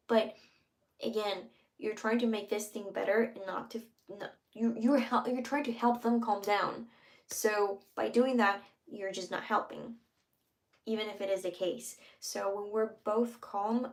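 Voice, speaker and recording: Woman with a gravelly voice talking relationship advice, earnest, drops to soft whispers for examples. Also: medium pitch, moderate pace. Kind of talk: casual advice talk to camera.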